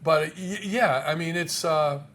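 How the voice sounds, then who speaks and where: A man's voice: a little high, measured pace, a bit bright. A man in an interview talking casually about health research, emphatic, with rhetorical questions and frequent restarts.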